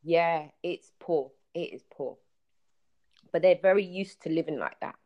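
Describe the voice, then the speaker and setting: A woman's voice: low-pitched, unhurried, lo-fi sound. A woman, telling travel stories in a casual podcast chat over a call, acting out what people said. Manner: animated storyteller, acts out quotes.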